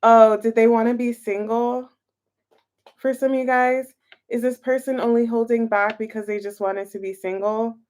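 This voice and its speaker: A young woman with a slightly high voice speaks right into a phone camera held close. She runs a casual live tarot reading, chatting with viewers and musing aloud as she turns the cards. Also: normal speed. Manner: chatty and animated, reads chat aloud, thinks aloud over cards. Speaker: tarot reader streaming live.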